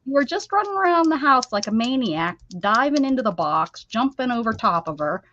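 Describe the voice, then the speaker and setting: Chatty American woman, a bit high. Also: very animated, a little fast, fairly bright tone, highs cut off. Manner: chatty, laughs often, teasing. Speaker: craft livestream host. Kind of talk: casual chat while crafting.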